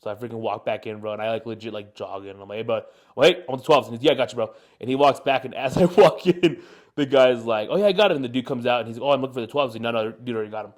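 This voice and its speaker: A man's voice: mid-range voice, very fast. A young man in his twenties, co-hosting a podcast and telling a long rambling story with lots of fillers. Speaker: podcast co-host. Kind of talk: casual chat, storytelling.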